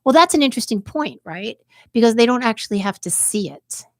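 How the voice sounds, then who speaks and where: A woman hosts a live podcast stream, answering viewer comments with impassioned, heated commentary. Her voice sits a little high, and she often breaks off and restarts her sentences. The sound is dry and close. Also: lively intonation, fairly quick, dry recording. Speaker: podcast host.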